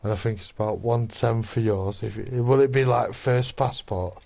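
A man's voice: mid-range voice, moderate pace, creaky, noisy background. Teasing man on lo-fi voice chat. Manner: teasing, banters with friends. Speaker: streamer on voice chat. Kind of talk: casual chat. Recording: dull lo-fi voice chat.

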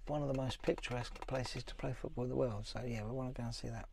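A man's voice: medium pitch, steady tone, quick pace, vocal fry, noisy background. A man chatting casually while vlogging a motorhome trip, rambling with fillers as he explains things from a ferry queue. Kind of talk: casual travel chat.

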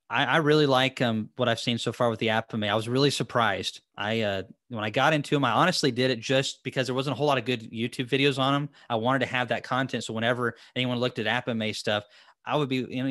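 A man's voice: mid-range voice, fairly bright tone, no room sound, clean studio sound. A man hosting a casual live-stream chat, rambling and chatty, with lots of fillers and restarts. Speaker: host. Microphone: headphones and desk mic.

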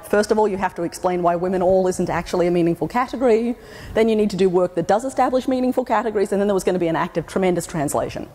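A woman's voice: mid-range voice, mellow, slight background noise. An Australian woman gives a funny keynote on a conference stage. She tells wry anecdotes and pops into other people's voices as she goes, and her voice carries with a long echo through a large hall. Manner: wry storytelling, acting out quoted voices. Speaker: keynote speaker. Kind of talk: humorous conference talk.

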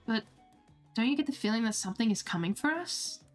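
A woman voicing a towering, gentle huntress in a dating game, reading her lines softly in her own voice without an accent. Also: a little high, lively intonation, fairly quick, faint music behind, close to an everyday voice. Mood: wistful. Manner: gentle reminiscing, no accent put on. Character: towering wistful huntress woman, soft-spoken and dreamy.

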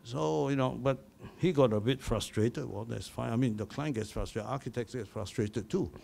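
Older Malaysian man, gravelly voice, mid pitch; storytelling award speech. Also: normal speed, mellow, a little hiss or hum. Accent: Malaysian English. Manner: storytelling, chuckling at his own anecdotes. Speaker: award recipient giving speech. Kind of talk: anecdotal acceptance speech.

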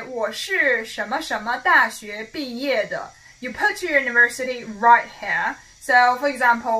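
A woman teaching a language lesson, repeating model phrases slowly and clearly. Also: fairly high pitch, bright, forceful tone, poor audio.

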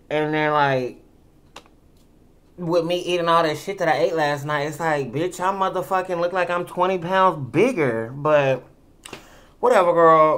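Tipsy vlogger, sassy and foul-mouthed, rambling eating-show chat, room at home, camera mic, middling pitch. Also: a bit bright. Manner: sassy, profane and rambling, calls listeners girl.

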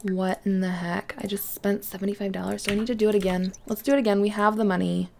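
Chatty young woman with a gravelly edge. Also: mid-range voice, fast, slight background noise. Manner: chatty, excitable, drops to whispers. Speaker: gaming YouTuber. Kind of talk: casual let's-play commentary.

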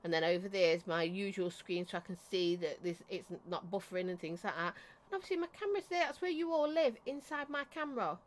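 A woman's voice: medium pitch, animated, a little fast, slight background noise. A woman hosting a casual live stream from home, chatty and affectionate, greeting viewers by name and coughing now and then. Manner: coughs and clears throat often. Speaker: vape reviewer and livestream host.

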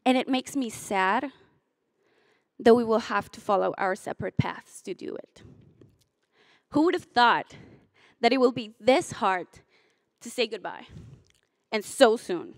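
A woman's voice: a little high, expressive, a little slow, long pauses, no room sound, clean studio sound. A young woman in her twenties, a graduating student, giving a commencement speech and moving between heartfelt, tearful moments and playful jokes. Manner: emotional, chokes up and laughs through tears, then jokes with the crowd. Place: hotel ballroom.

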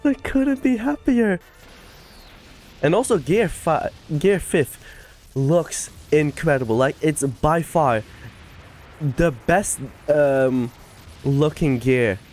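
A woman hosting an anime reaction video, excitable and gushing, breaking into laughter between exclamations. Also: low-pitched, slow, pauses often.

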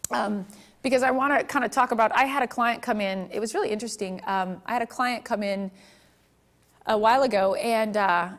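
A woman's voice: on the high side, a little fast. A middle-aged woman, a photographer, teaching a workshop in a chatty, candid way, telling stories and asking the audience questions. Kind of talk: seminar talk with storytelling.

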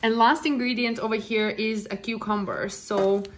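A young woman chatting casually in a home kitchen while showing a recipe, excitable and laughing often. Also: a little high, moderate pace, a little hiss or hum. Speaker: cooking vlogger. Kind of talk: casual cooking demonstration.

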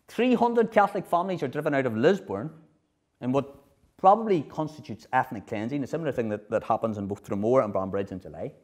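Man, middle-aged, history lecture, animated pitch, lively, asks listeners to follow along. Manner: lively, checks in with the audience. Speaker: speaker at a political history festival.

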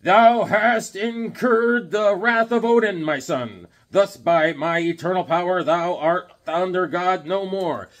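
A man playing a grand, wrathful old god king. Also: sits high. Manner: slow, grand, archaic declaiming. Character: stern old male god king passing judgment.

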